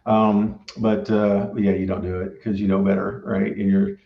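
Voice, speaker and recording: A middle-aged man with a low voice talks in a loose, rambling way and keeps checking in with his listener. The sound is roomy and dull, as if taped in a reflective room. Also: level tone, moderate pace, creaky. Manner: rambling, peppered with tag questions. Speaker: barbecue restaurant owner and former engineer. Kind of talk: casual conversational storytelling.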